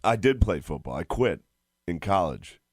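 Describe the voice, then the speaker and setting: A man's voice: low-pitched, very animated, normal speed, no echo. A comedian in his thirties, chatting as a podcast guest in a laid-back way, chuckling and repeating "yeah". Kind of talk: casual podcast chat.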